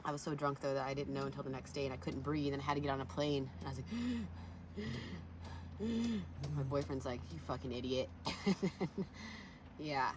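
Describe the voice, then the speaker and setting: A woman vlogger casually rambling through wild stories, profane and animated, with sudden loud bursts. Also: a bass voice, quick pace, background noise.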